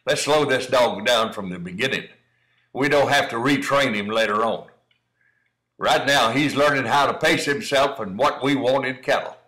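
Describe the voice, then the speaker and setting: A man's voice: medium pitch, normal speed, sharp tone, poor audio. A middle-aged man giving folksy, encouraging running commentary on dog training, calling the listener son. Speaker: cowdog breeder commenting on training footage. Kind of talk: casual running commentary over video.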